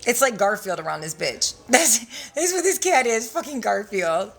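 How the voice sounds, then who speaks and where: A woman's voice: a little high, very animated, normal speed, gravelly. A young woman hosting a casual livestream, talking bluntly with lots of swearing and frequent laughter. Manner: profane, blunt, laughs often. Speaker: livestream host selling credit classes.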